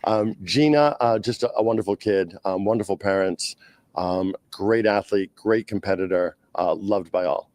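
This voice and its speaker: A man with a Boston accent, speaking for a skating club at a press conference, pausing often with "uh" and "um". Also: lowish voice, darkish tone, no room sound. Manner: halting, frequent "uh" and "um".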